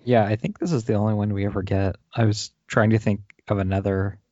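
A man's voice: lowish voice, little pitch movement, a little fast, dark tone, dry recording, lo-fi sound. A man co-hosting a podcast, tossing in dry, sarcastic remarks. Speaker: podcast co-host. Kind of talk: casual chat.

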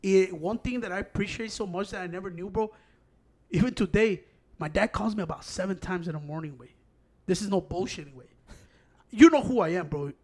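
A young man with a high voice for a man. He talks in loose, rambling casual chat. He swears a lot and drifts back and forth between Spanish and English. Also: brisk, a little mellow.

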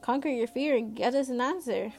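A woman's voice: fairly high pitch, a little fast, gravelly, a little mellow, faint music behind. A woman reading the lines of a good-humored father in a dry, matter-of-fact way. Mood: firm. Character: good-humored dad, firm but joking.

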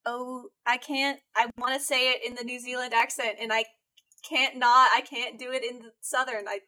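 A woman playing in a tabletop game, chatting casually and quickly correcting herself. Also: fairly high pitch, little pitch movement, pushed and bright. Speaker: player.

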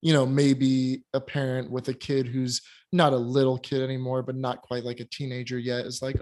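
A man's voice: mid-range voice, steady tone, fairly quick, hardly any pauses, a little mellow. A man co-hosting a casual film review chat, giving candid and critical opinions with plenty of hesitations and restarts. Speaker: podcast co-host reviewing films.

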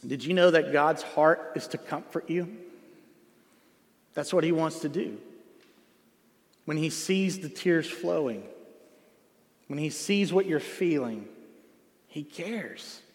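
A middle-aged man preaching a sermon in a church, earnest, moving from loud emphasis to hushed softness. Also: a little high, slow pace, pauses often. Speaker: pastor. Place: church sanctuary. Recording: long hall reverb.

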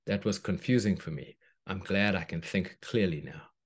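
A man voicing an excitable little boy twin character in a children's storybook, speaking earnestly. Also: sits low, normal speed. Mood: relieved. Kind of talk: storybook reading.

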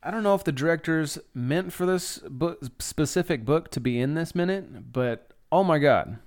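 A man's voice: fairly high pitch, expressive, normal speed, a little mellow. A young adult man hosting a podcast, recapping a film scene by scene in a chatty, enthusiastic way and swearing freely. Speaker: podcast host.

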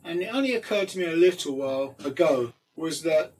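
A man's voice: on the high side, expressive, a little mellow, recorded from a distance, a little hiss or hum, low-quality recording. A man in casual chat, chiming in with short remarks and laughing along. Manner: quick interjections, laughs along.

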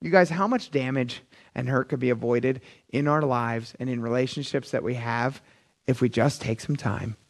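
A middle-aged man preaching a conversational, animated sermon, often calling the audience "you guys". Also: mid-range voice, normal speed, creaky. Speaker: pastor.

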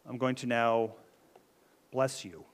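A man voicing an old, suspicious father who is musing slowly aloud. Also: medium pitch, clean tone, close to an everyday voice. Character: old blind father Isaac, suspicious then convinced.

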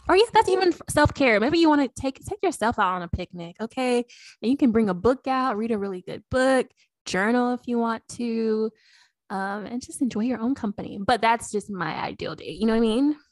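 A woman's voice: on the high side, lively intonation, brisk, no echo, studio quality. A young adult woman co-hosting a podcast in casual chat, earnest and a bit rambling. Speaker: podcast co-host.

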